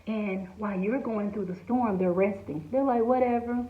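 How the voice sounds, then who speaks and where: A woman's voice: medium pitch, moderate pace. A woman giving an informal devotional message in a conversational way, with frequent asides to the listener. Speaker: devotional speaker. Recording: echoey, tinny phone-like sound.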